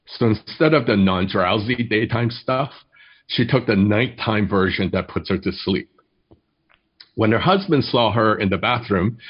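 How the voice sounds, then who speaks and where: A man delivers a sermon as a pastor, his voice low and a little husky. He tells stories at a measured pace and slows down to read poetry. The recording sounds dull and lo-fi. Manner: measured storytelling, reads poetry slowly.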